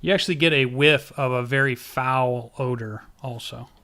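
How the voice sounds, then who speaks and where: A man's voice: mid-range voice, normal speed, sharp tone. Easygoing man running a tabletop game. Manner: easygoing, many filler hesitations. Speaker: game master. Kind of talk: narrating a tabletop game session.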